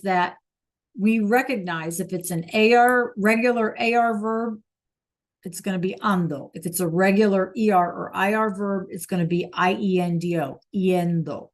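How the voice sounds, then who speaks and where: Slow, patient teacher woman. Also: medium pitch. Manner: patient, checks in often with "right?" and "okay?". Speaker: Spanish teacher. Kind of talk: online class teaching. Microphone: video call.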